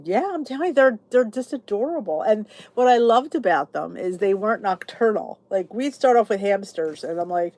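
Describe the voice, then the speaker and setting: A chatty woman, the channel's host, talks casually to her viewers at a middle pitch. She rambles warmly through stories and reads out comments by name as she goes. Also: expressive, normal speed, few pauses. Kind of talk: casual live chat with viewers.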